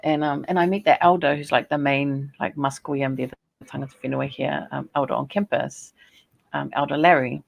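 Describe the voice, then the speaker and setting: New zealand woman, low gravelly voice, chatty storyteller on a podcast call. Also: normal speed. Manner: chatty, animated storytelling with laughs. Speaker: guest, Māori scholar and poet. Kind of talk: casual podcast conversation.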